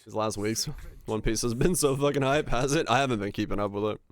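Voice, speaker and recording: A man with a neutral American broadcaster-like accent, livestreaming and chatting casually in a relaxed, rambling way. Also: medium pitch, a little fast, no room sound. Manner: relaxed, rambling, many fillers. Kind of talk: casual chat while gaming.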